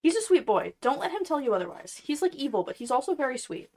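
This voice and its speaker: A young woman talking to her livestream while she works on a craft at home. Her voice sits a little high, and she rambles in a chatty, playful, self-mocking way. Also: very animated, fast talker, darkish tone. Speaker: cosplay streamer.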